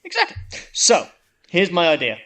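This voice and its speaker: A man's voice: high voice, wildly swooping pitch, normal speed, fairly bright tone. A man co-hosting a podcast, telling a long joke in a casual, rambling way with frequent restarts. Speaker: podcast co-host.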